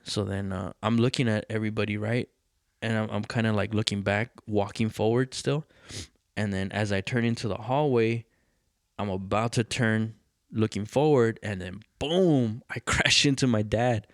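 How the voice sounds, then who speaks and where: Podcast host, male, lowish voice, dry close sound; swearing, animated storyteller. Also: normal speed, no echo. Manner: profane, animated, acts out quoted voices. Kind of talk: casual storytelling.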